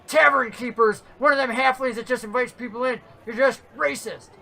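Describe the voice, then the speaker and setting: A woman's voice: on the high side, fairly even intonation, normal speed, sharp tone, exaggerated voice. A woman voicing a rude, scornful male halfling who sneers at wizards in folksy, ungrammatical speech. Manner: gruff, dismissive, folksy grammar.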